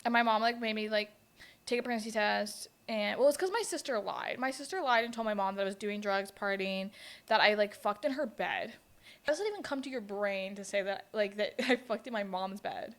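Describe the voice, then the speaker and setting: A woman's voice: mid-range voice, moderate pace, a bit bright. A woman in her twenties hosting a podcast, telling personal stories in a blunt, profane and laughing way. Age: 20s. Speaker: podcast host. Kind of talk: casual storytelling chat.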